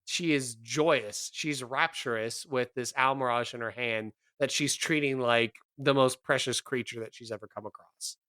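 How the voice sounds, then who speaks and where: A man's voice: medium pitch, moderate pace, few pauses, dry recording. Guy rambling through his character's turn in a tabletop game, dry close sound. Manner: animated, rambling storytelling. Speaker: player. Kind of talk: tabletop game role-play.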